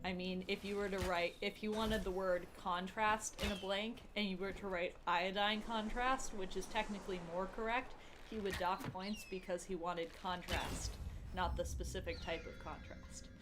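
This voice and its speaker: A woman's voice: mid-range voice, fairly even intonation, normal speed, music in the background. A woman in a casual stream chat, explaining a point in a careful, precise way.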